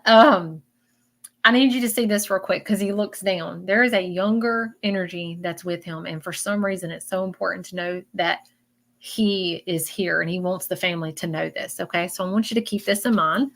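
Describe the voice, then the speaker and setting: A woman's voice: fairly low pitch, normal speed, vocal fry, a bit bright. A woman doing a live psychic reading, emotional and repetitive, calling her viewers y'all. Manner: emotional, repeats phrases, addresses viewers as y'all. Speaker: psychic medium.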